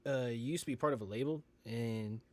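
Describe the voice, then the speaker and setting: A man hosting a casual interview. He gives short affirmations and asks relaxed questions. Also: medium pitch, brisk. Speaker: interviewer, host.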